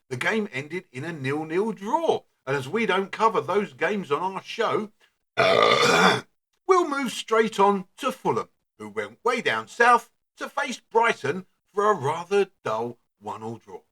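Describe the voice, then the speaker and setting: A brash male presenter rattles through a comic football round-up. His voice sits high and bright, and he swings it up and down freely. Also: wildly swooping pitch. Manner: brash, sweary, quick-fire delivery. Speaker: comedy show presenter. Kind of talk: comic scripted narration.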